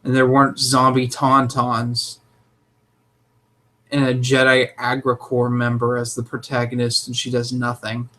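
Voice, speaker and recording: A young man co-hosting a casual chat, opinionated and jokey, with animated delivery. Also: medium pitch, unhurried. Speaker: podcast co-host.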